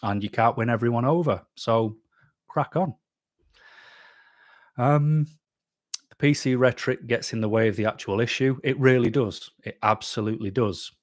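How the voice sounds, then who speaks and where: An English YouTube host runs a casual live stream, reading chat comments aloud and answering them bluntly and chattily. His medium-pitched voice moves at a moderate pace with long pauses, recorded at studio quality with no echo.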